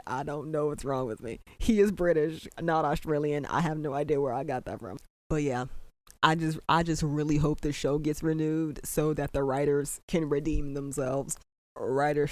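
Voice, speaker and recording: A man's voice: a little high, no echo. A man hosting a casual podcast, ranting emphatically and repeating himself, with plenty of "like" and "bro". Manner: emphatic, repetitive, exasperated ranting with frequent "bro" and "like". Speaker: podcast host.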